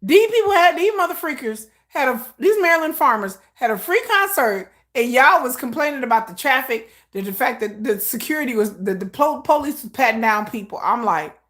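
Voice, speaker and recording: Animated, ranting woman. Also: high-pitched, a little fast, hardly any pauses. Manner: exasperated, laughing asides. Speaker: reaction streamer. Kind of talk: live reaction commentary.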